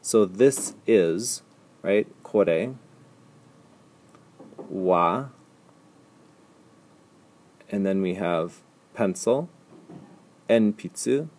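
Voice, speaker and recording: A man teaching a language lesson over slides, explaining step by step and repeating example sentences slowly and patiently. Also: fairly low pitch, darkish tone, a little hiss or hum. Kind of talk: recorded slide lecture.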